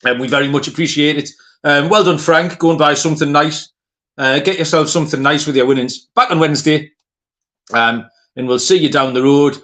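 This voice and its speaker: Jokey podcast host. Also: male voice, a little high, fairly quick, fairly bright tone. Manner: jokey, laughs easily, rambling asides. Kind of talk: casual podcast chat.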